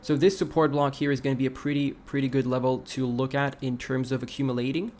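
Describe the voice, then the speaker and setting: A man of ordinary middle pitch hosts a live crypto stream. He talks through charts in a relaxed, conversational way and stops now and then to read viewer messages aloud. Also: fast talker, slight background noise. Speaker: crypto livestream host. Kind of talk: casual livestream chart analysis.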